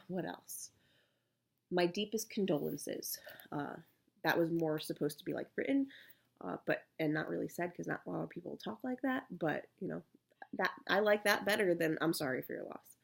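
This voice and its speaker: Woman, 30s, low and creaky, soft-spoken candid vlogger. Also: moderate pace. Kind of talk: casual personal talk to camera.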